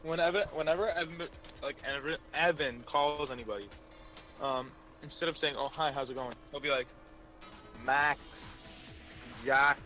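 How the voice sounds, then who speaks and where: A young man chats on a voice call in a slightly high, bright, forceful voice, crude and rambling, with faint game music around. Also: fairly quick. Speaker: friend on voice call. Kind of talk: casual chat.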